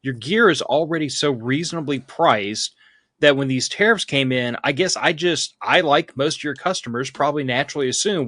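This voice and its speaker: A man co-hosts a podcast, chatting casually in a wry, jokey way. His mid-range voice is expressive and fairly bright, at a moderate pace, and the recording is dry with clean studio sound.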